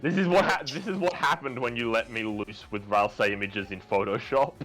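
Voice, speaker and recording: A young man co-hosting a casual podcast, throwing out deadpan jokes. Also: medium pitch, a little fast, faint music behind. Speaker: podcast co-host. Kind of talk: casual chat.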